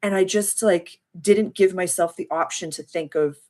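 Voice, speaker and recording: A woman chats casually on a livestream, her voice sitting a little low. She tells a long story in a heartfelt, rambling way, often stopping to thank her viewers. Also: moderate pace. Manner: addresses viewers by name and thanks them warmly. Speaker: spiritual coach hosting a live members' call.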